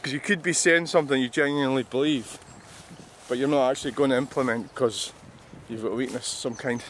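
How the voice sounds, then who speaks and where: Older Scottish man, sixties, mid-pitched and meandering, wry vlogger talking to himself outdoors with faint background noise. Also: fairly even intonation, brisk, fairly bright tone. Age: 60s. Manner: musing, meandering, wry self-mocking asides. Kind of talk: rambling, reflective monologue.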